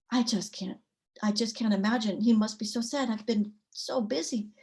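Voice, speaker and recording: A woman's voice: a little high, unhurried, darkish tone, slight background noise. A woman voicing a clever, determined housewife in a folk tale, speaking with lilting, folksy phrasing. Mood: fretful.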